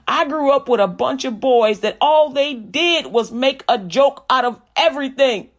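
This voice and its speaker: A middle-aged woman with a high voice preaches with comic storytelling. She acts out little exchanges and repeats key lines for emphasis. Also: lively intonation, moderate pace. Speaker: comedian and Christian speaker.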